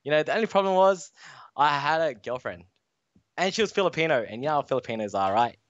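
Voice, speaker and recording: A man's voice: fairly high pitch, expressive, quick pace. A young Australian man telling a long story as a podcast guest, rambling with lots of fillers. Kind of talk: casual storytelling. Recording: dull dry sound.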